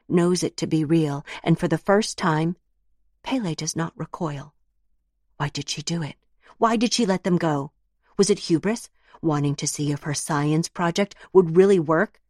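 A woman narrating a literary story in measured, lyrical, reflective phrasing. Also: low-pitched, darkish tone, no room sound, clean studio sound.

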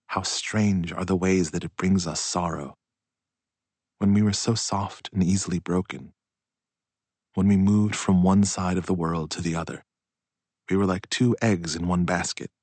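A man reading a literary story aloud in a slow, hushed and reflective way. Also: low voice, no room sound. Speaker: audiobook narrator. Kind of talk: literary audiobook narration.

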